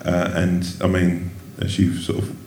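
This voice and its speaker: A man with a very low voice chats loosely on a theatre stage. He rambles and restarts his sentences and pokes fun at himself. The sound carries a roomy live-theatre echo. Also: completely flat delivery, a little slow, creaky, a little mellow. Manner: rambling, self-deprecating, many restarts. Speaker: guest comedian. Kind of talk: casual stage interview. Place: theatre stage before an audience.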